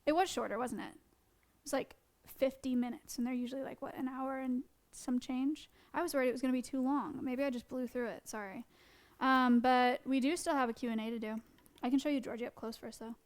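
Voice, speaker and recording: A woman with a high, smooth, clear voice talks quickly through a casual live-stream lesson about animals. She keeps dropping fillers and rushes from point to point. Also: fairly even intonation. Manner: fast-talking with frequent fillers. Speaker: wildlife educator and streamer.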